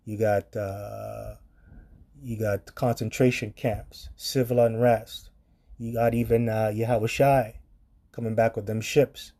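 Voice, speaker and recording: A man's voice: fairly low pitch, little pitch movement, slow, vocal fry, mellow. A man preaching on scripture in a blunt, profane commentary style, reading verses aloud and reacting to them.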